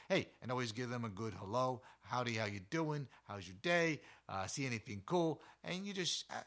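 Folksy outdoors host, male, bright and forward tone, animated delivery with jokes, recorded outside in the mountains. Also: lowish voice. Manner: folksy, animated, jokes, mimics quiet trail voice. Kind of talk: casual outdoor tips talk.

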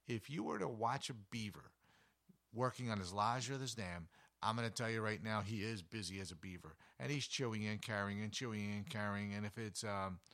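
A man giving an animated, conversational talk about wildlife, full of chatty asides and personal stories. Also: fairly low pitch, creaky. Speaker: wildlife educator. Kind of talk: conversational nature talk with anecdotes.

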